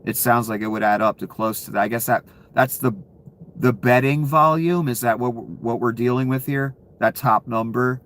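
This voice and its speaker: A man's voice: mid-range voice, moderate pace, fairly bright tone, slight background noise. A man giving ranting commentary, profane and incredulous, laughing between outbursts. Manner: profane, incredulous, calls the listener "son".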